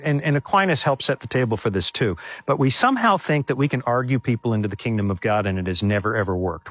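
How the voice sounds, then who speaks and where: A man's voice: mid-range voice, a bit bright, breathy edge, no room sound, dull audio. A man speaking as a guest in an onstage question-and-answer, sharing his testimony in an earnest, conversational way with frequent restarts.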